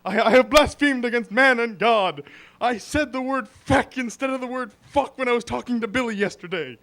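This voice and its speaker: A man's voice: very high-pitched, normal speed, fairly bright tone. A man doing a frantic guilty penitent. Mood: pleading. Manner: pleading, anguished. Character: frantic young man confessing to a priest.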